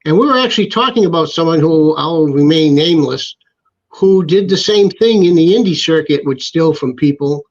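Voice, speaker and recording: A man's voice: a little high, animated, normal speed. A man and former wrestler telling a backstage story on a podcast, acting out the quotes with energy. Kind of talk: casual storytelling chat. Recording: slightly dull lo-fi sound.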